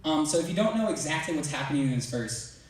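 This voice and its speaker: A man's voice: fairly high pitch, expressive, quick pace. A teenage boy speaking to a church youth group, casual and rambling, with lots of fillers. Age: teens. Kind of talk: youth talk with playful retold dialogue. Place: large church hall. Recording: echoey hall, mic from a distance.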